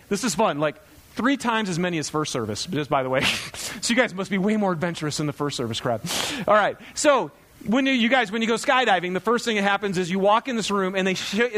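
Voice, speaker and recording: A man in his thirties, a pastor, preaching in a chatty, animated storytelling way to his congregation. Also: high voice, fast talker.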